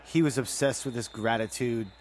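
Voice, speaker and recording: A man's voice: medium pitch, fairly even intonation, normal speed. A man co-hosting a podcast, rambling casually with lots of fillers. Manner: rambling, filler-heavy, enthusiastic. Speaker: podcast co-host. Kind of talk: casual chat.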